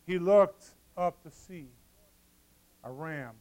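A male pastor preaching a sermon, acting out scripture scenes with dramatic swings between hushed and loud. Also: fairly high pitch, slow pace.

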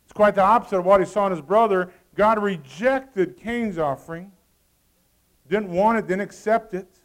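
A male pastor preaching a sermon, reading scripture in old-fashioned wording and calling out to the congregation, swinging from loud to hushed. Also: sits high, normal speed.

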